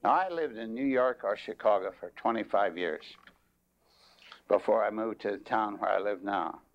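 An older man preaching a sermon in a folksy way, telling a long personal story. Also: normal speed. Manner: folksy, rises in pitch when telling stories. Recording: dull lo-fi tape.

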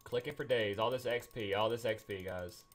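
A man giving casual, excitable gameplay commentary, repeating himself and acting mock-angry. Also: on the low side, normal speed. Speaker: gaming YouTuber.

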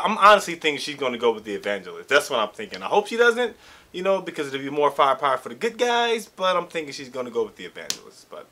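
A young man hosting an anime reaction, chatting casually in slang and breaking into excited shouts. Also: on the high side.

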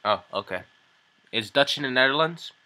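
Bright-voiced joking male host. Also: medium pitch, expressive. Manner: playful, teasing, quick asides. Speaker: channel host. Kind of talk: casual joking chat.

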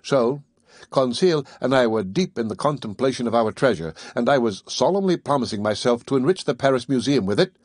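A man reading a classic novel aloud in a measured first-person storytelling manner. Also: mid-range voice, expressive, darkish tone, dry recording, clean studio sound. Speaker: audiobook narrator. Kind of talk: scripted audiobook narration.

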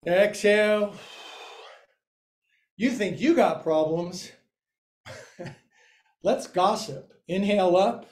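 A man's voice: sits high, slow pace, pauses often. A man teaching a live yoga class, cueing poses with playful jokes and asides.

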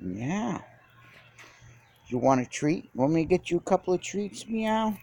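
A man coos at a cat in a high, swooping, singsong voice. His tone is husky and gravelly, and he draws his words out slowly. It sounds like casual phone footage shot outdoors. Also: sing-song, darkish tone. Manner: cooing baby talk to a cat. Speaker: cat owner filming a stray.

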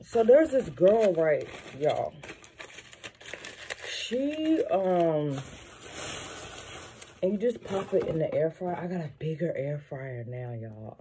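Woman vlogger, lower voice, chatty and outspoken, kitchen recording on a phone with steady background noise. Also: slow pace, pauses often. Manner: chatty, blunt and expressive, swears freely, addresses viewers as y'all. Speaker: lifestyle vlogger. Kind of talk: casual morning chat to viewers. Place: home kitchen, indoors. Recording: home recording with noisy background.

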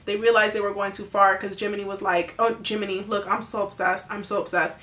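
In a casual chat, a woman runs through a movie she just watched, using lots of fillers and quickly acting out the characters with lively impressions. Her medium-pitched voice is recorded with a roomy sound.

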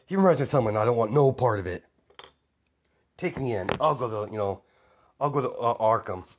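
A man's voice: medium pitch, lively intonation, brisk, noisy background. A man telling an improvised story in a loose, rambling way, with many fillers and chuckles.

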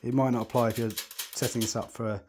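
Background noise sits under a fast, flat, medium-pitched male voice. He's a tutorial presenter explaining how to set up a telescope step by step as he works, with a chatty, reassuring manner and plenty of thinking aloud.

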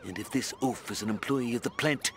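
An actor playing a scheming elderly tycoon, giving curt, imperious orders in a game cutscene. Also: male voice, medium pitch, fairly quick, natural voice. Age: older. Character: scheming elderly male tycoon, cold and villainous.

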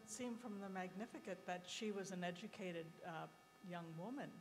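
A woman's voice: on the low side, moderate pace. A woman in the audience asking a question, a little hesitant and wondering. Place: large hall. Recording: hall reverb with room noise.

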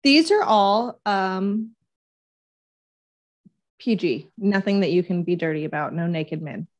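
A playful woman co-hosting a relaxed chat show, running a guessing game for her co-host. She reads the questions out in a teasing, easygoing way. Her voice sits at an ordinary middle pitch for a woman. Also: takes it slowly, muffled recording. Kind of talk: casual chat.

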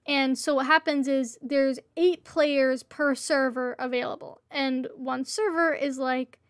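High voiced woman streaming a game, slow easy chatter, playful begging, dry close sound. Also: fairly even intonation, no room sound. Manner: chatty, playfully pleading with other players. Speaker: livestreamer. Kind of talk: casual gameplay livestream chat.

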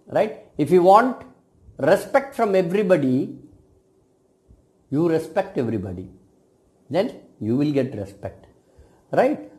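Slow-speaking man lecturing. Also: a little high, a little mellow. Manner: measured, ends phrases with a questioning "right?". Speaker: cosmetic science lecturer. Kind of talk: reflective video talk to students.

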